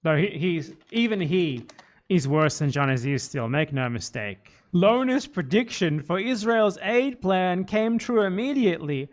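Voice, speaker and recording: A man's voice: high-pitched, lively intonation, unhurried. A man hosting a live stream, giving sarcastic, argumentative political commentary. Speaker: streamer host.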